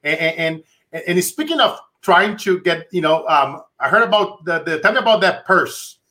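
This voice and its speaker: A man's voice: sits high, expressive, normal speed, sharp tone. Rambling male interview host. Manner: rambling, repetitive with many fillers. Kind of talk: conversational interview.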